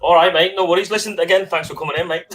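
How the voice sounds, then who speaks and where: Matey livestream host. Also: male voice, high-pitched, steady tone, fast talker, fairly bright tone. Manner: friendly, matey banter with swearing. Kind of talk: casual livestream chat.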